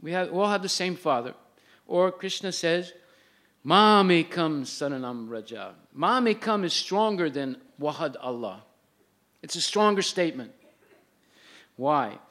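An older man teaching a spiritual lecture in a fairly high voice. He moves between plain, patient explanation and verses recited in a chanting lilt. The talk has a steady, lecturing rhythm. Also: a little slow, pauses often. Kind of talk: religious lecture.

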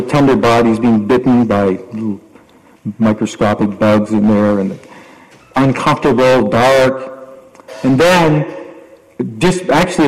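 A man's voice: mid-range voice, a little mellow. A man giving a reflective sermon, reciting Sanskrit verses and explaining them. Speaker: spiritual teacher. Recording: long hall reverb.

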